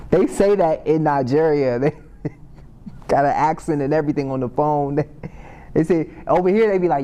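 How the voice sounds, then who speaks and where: Bible class teacher, male, slightly high voice, loose slangy delivery that reads a verse and then comments on it. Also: normal speed, long pauses, warm tone. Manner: slangy and conversational, reads scripture aloud and riffs on it. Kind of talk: casual Bible study teaching. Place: Sabbath class meeting room.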